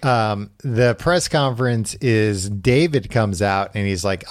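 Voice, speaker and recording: A man's voice: lowish voice, slow, hardly any pauses, dry recording, clean studio sound. A man hosting a podcast, recapping a book in casual chat with a wry storytelling manner. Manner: wry, storytelling with acted quotes. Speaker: podcast host.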